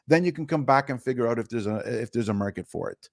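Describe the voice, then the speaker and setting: A man's voice: medium pitch, expressive, quick pace, gravelly, no echo, clean studio sound. A man guest on an interview podcast, giving blunt, down-to-earth money advice with the odd swear word. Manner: blunt, down-to-earth, mildly profane.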